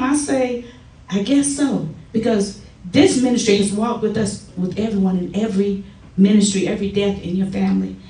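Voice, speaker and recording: A middle-aged woman giving a personal testimony at a church service, telling stories in a lively way and acting out the quotes. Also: medium pitch. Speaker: church member giving a tribute. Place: church sanctuary. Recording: echoey church from far off.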